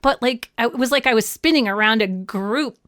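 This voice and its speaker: Woman, podcast guest, chatty, wry, slightly high voice, dry sound. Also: a little fast, a bit bright, no room sound. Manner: chatty, many "like" fillers, wry. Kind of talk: casual conversation.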